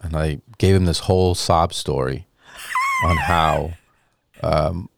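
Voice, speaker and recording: A man in his thirties, a comedian guest, telling a rambling, animated story and acting out the voices of people in it. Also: rumbling low, slow, gravelly, very noisy. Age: 30s. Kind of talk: casual storytelling anecdote.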